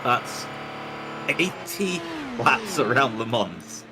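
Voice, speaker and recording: A man's voice: mid-range voice, very animated, very slow. A man commentating a sim race stream, chatting loosely, repeating himself and apologizing as he goes, speaking into a home computer microphone over a shaky internet connection. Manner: rambling, self-interrupting, apologetic. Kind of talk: live race commentary and chat. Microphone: home computer mic over unstable internet. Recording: noisy stream with connection dropouts.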